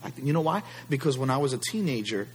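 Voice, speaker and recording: A man's voice: medium pitch, expressive, fast, slight background noise. A male pastor preaching a sermon, emphatic and fond of rhetorical questions to the congregation.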